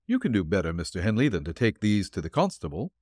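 A man voicing a shrewd, courteous detective who speaks calmly, firmly and politely, read for a storybook. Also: lowish voice, fast, dry recording, clean studio sound. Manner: calm, firm and polite.

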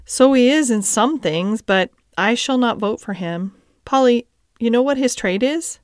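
A steady working man in a classic storybook, firm in his principles and earnest with his family, as a woman reads him. Her smooth, clear voice sits dry and close to the mic. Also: fairly high pitch, no echo, pitched above the performer's own voice. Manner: earnest and measured. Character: steady, principled middle-aged cab driver and father.

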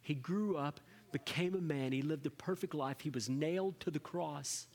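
Male pastor, high-pitched, preaching in a church with long reverb; dynamic, dips to near-whispers. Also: moderate pace. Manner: dynamic preaching, drops to soft whispers for emphasis. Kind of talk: sermon.

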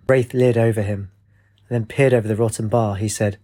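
A man narrating a storybook in a plain, even manner. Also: fairly low pitch, brisk. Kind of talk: storybook reading.

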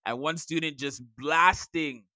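A man's voice: a little slow, sharp tone, dry recording, studio quality. A young man co-hosting a teacher podcast, telling classroom stories in casual chat. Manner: storytelling, acts out students in a high voice. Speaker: podcast co-host, middle school teacher.

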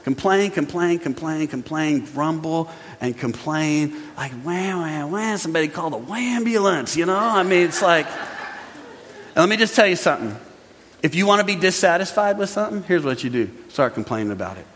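A man preaching a sermon as pastor, animated, acting out grumbling voices for laughs. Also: on the high side, normal speed. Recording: long hall reverb.

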